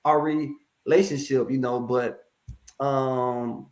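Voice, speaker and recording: A man speaking as a mental health professional in a casual interview, telling stories in a lively, colloquial way and addressing the audience directly. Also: mid-range voice, takes it slowly. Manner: animated, colloquial, preachy asides to the audience.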